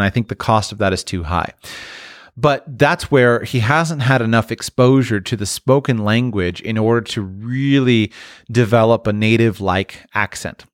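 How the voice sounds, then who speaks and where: A man's voice: fairly low pitch, no room sound, clean studio sound. A man speaking in a casual monologue as a parent, thoughtful, often restarting and trailing off. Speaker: parent talking about language learning.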